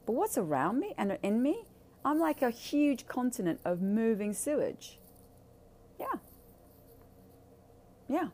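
A woman's voice: medium pitch, darkish tone. A woman speaking candidly in a blunt, profane and emphatic way. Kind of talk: candid casual talk.

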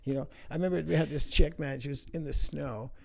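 Gravelly man telling rambling stories. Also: a little high, fast talker. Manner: rambling, profane, full of "right?". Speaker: guest. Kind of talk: casual storytelling.

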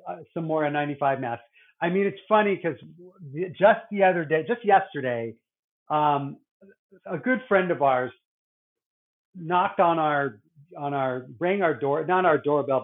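Rambling doctor on a tinny line. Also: male voice, high voice. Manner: rambling, many restarts and fillers. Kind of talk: casual podcast chat.

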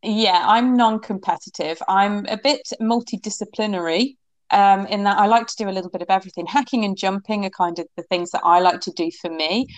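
A middle-aged woman from England, a horsemanship coach, telling her stories in an animated, rambling way as a guest in an interview, laughing often. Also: mid-range voice, fairly quick, dry recording. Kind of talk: casual interview storytelling.

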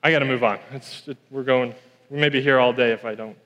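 A man's voice: medium pitch, fairly even intonation, fast, fairly bright tone, big-room sound, dull audio. A man preaching a sermon in a church, telling a story and repeating key lines for emphasis.

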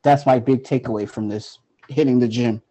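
A man's voice: mid-range voice, fairly even intonation, normal speed, crowd noise. A man telling a personal story in a loose, casual way, with lots of "like" fillers. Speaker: guest.

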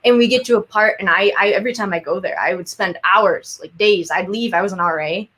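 A woman's voice: mid-range voice, brisk, fairly bright tone. A young woman, an artist guest in a casual interview, telling stories with self-deprecating humor and frequent laughter. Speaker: muralist guest.

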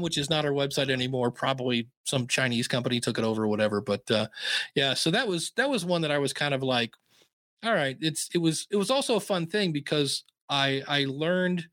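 A man's voice: mid-range voice, a bit bright, dry recording. A middle-aged man, a podcaster being interviewed, telling stories in a rambling, self-deprecating way with many restarts. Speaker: podcaster guest. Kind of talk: casual interview storytelling.

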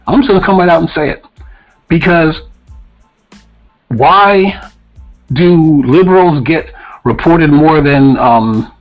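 A man's voice: on the high side, husky, highs cut off. A man co-hosting a podcast in casual, opinionated talk, blunt and profane as he rants. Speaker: podcast co-host.

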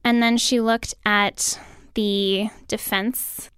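Smooth-voiced woman telling her story. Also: mid-range voice, level tone, very slow, a bit bright, no echo, clean studio sound. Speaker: juror recounting her story. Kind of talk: personal storytelling.

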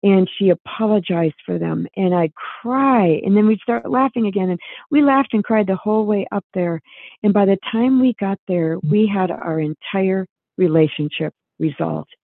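A woman's voice: mid-range voice, normal speed, creaky, no room sound. A woman guest author telling a personal story in an earnest, reflective way, with many restarts, heard over a remote call line. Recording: tinny phone-line sound.

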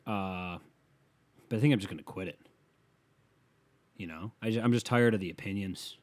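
A man's voice: low-pitched, moderate pace. A man hosting a solo podcast, ranting in a rambling, profane way, with a slight lisp on his s sounds. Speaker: podcast host.

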